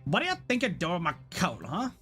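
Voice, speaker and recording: A man's voice: high-pitched, wildly swooping pitch, fast, bright, forceful tone, faint music behind, voice pushed up, heavily acted. A man voicing a tough woman who owns a bar, in a put-on accent he can't place. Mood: gruff. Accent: put-on unplaced accent. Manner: blustery, threatening.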